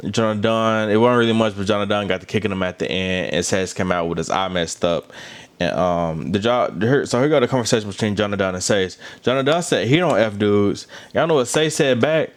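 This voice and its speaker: Chatty guy w/ a low-ish voice, aave, just talking to the camera about a reality show ep. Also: normal speed, clear, resonant tone. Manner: chatty, animated, talks straight to viewers. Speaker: reality TV recap host. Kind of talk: casual commentary. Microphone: phone or camera held close.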